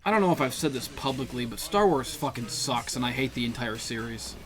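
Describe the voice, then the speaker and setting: A man's voice: medium pitch, animated, fairly quick, a bit bright. Joking, sarcastic young man gaming. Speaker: co-host playing a fighting game. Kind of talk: casual chat over gameplay.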